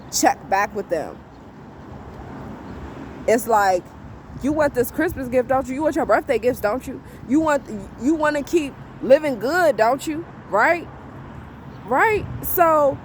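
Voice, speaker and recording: A woman's voice: medium pitch, slight background noise. A woman vlogging on a street, giving casual spiritual advice with emphatic repetition and frequent laughter. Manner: emphatic, repeats herself, laughs often. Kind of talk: casual faith talk to camera. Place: outdoors on a street.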